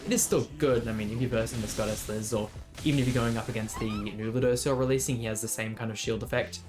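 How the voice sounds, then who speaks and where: A man talks his way through a game match, thinking aloud and rambling, often restarting mid-sentence. His voice sits at an ordinary middle pitch. Soft music plays quietly behind him. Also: steady tone, quick pace. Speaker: gaming video creator. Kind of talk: casual gameplay commentary.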